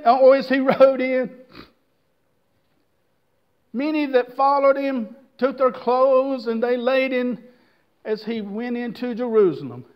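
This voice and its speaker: Male pastor, very high voice, slow delivery, folksy sermon, dull lo-fi church tape. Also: clean tone. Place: church service.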